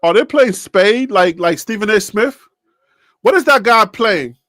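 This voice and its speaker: A man hosting a live sports reaction stream, talking straight to his chat in a rambling, animated way. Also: sits high, a little slow, no room sound, studio quality. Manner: shouting and cheering with joy; emotional, near tears, thanking God.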